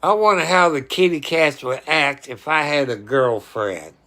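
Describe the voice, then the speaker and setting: A man with a drawl chats at an unhurried, easygoing pace. His voice is bright and forward, with a fairly high pitch for a man, and he now and then stops to talk to his pets. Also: lively intonation. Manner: talks to his cats, sometimes scolding loudly. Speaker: livestreamer. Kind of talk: casual chat.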